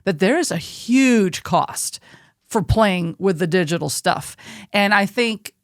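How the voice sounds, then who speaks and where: A woman's voice: medium pitch, lively intonation, takes it slowly, no room sound, studio quality. Earnest podcast co-host woman. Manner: thoughtful, earnest explaining. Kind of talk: casual chat.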